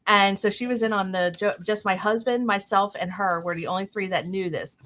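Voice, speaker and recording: A woman's voice: mid-range voice, a little fast. Middle-aged woman telling a rambling story. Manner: rambling anecdote with animated quoted voices. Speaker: stream host. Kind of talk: casual storytelling chat.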